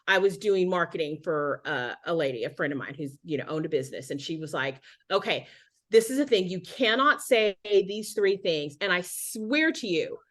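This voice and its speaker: A middle-aged woman appears as a guest speaker on a video call, giving a casual motivational talk that is chatty and rambling with many restarts. Her voice is on the low side, with lively intonation and a normal speed.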